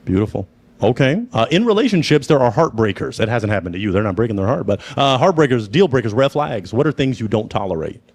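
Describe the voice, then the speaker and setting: A man hosting a dating show with playful, animated energy, stretching words for effect. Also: medium pitch, fast talker. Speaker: host.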